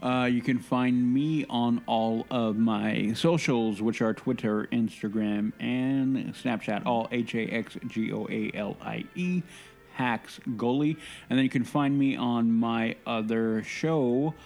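A man's voice: mid-range voice, takes it slowly, darkish tone. A man co-hosting a podcast, chatting casually and rambling with restarts and self-mocking asides. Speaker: podcast co-host. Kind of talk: casual chat.

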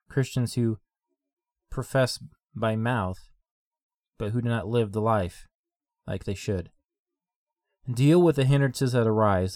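A man's voice: mid-range voice, darkish tone, no room sound, studio quality. A man preaching a sermon in a repetitive, rhythmic cadence, asking listeners direct questions.

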